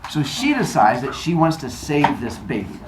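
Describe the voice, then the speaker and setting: A woman retelling a myth in a lively comic way, joking and quizzing her listeners. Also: low-pitched, moderate pace. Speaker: storyteller. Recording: echoey room, noisy.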